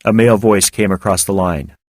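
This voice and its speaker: A man narrating first-person fiction in a measured, reflective storytelling manner. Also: lowish voice, steady tone, dry recording.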